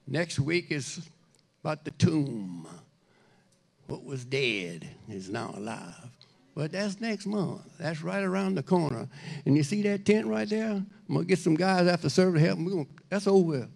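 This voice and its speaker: A man preaching a sermon in a conversational, animated way, speaking directly to the congregation. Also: fairly high pitch, creaky. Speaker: pastor.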